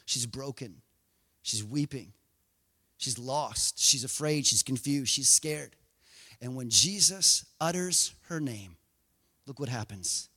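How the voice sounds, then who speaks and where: A man preaching a sermon, telling the story in an animated way and acting out scenes. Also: mid-range voice, slow, long pauses, breathy edge, big-room sound. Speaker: pastor.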